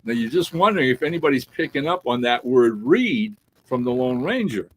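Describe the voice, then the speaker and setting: A man in a casual podcast chat, spinning a story with lively energy and a mid-range voice. He keeps checking in with his listener and slips into acted bits of dialogue. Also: mid-range voice, a little fast, a little hiss or hum, rough recording. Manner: animated storyteller who acts out quoted dialogue; peppers talk with "right?" and "all right?". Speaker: podcast co-host.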